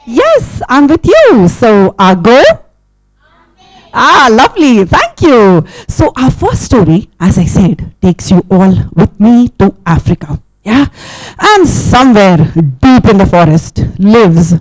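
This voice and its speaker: A woman telling an interactive story to a live audience, keeping it animated with questions and sound effects. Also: a little high, slow, no echo. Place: festival session with a live audience.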